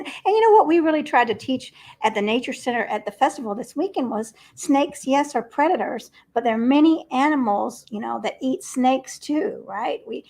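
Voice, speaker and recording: A woman's voice: high-pitched, vocal fry. A woman hosting a casual livestream chat, telling stories with frequent laughter over a video call. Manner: chatty storyteller, laughs often.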